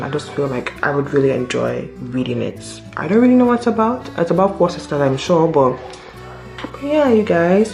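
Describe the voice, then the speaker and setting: A woman's voice: sits low, darkish tone. Chatty young woman from Nigeria vlogging. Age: 20s. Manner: chatty, self-mocking, easily sidetracked. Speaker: booktuber. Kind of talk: casual vlog chat.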